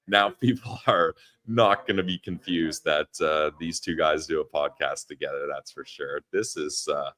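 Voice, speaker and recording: A man's voice: rumbling low, fairly even intonation, moderate pace, a bit bright, no echo. A young man co-hosting a casual live-streamed podcast from a friend's parents' house, laughing often and reading chat comments aloud. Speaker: podcast co-host.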